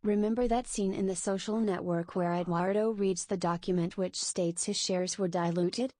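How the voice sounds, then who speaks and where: A woman's synthetic text-to-speech voice reading donation messages in a flat, even manner. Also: medium pitch, moderate pace, dry recording, studio quality.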